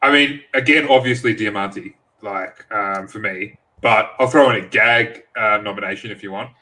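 A man's voice: lowish voice, moderate pace, pushed and bright, a little hiss or hum. A man on a sports panel, easygoing and wry in casual chat.

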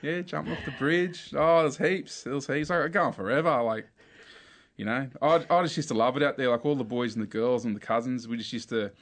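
An Australian man telling childhood stories in a relaxed, casual chat full of slang. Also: medium pitch, a little fast. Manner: relaxed storytelling with slang and laughs.

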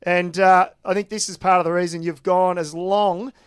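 A man co-hosting a podcast, telling stories in a lively, casual way. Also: high-pitched, normal speed, smooth, no echo, clean studio sound. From Australia. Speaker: podcast co-host.

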